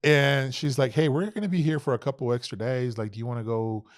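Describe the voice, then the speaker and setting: A young adult man, a podcast guest, telling an animated, profane story and acting out quoted dialogue. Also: medium pitch, brisk, no room sound, studio quality. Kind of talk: casual storytelling.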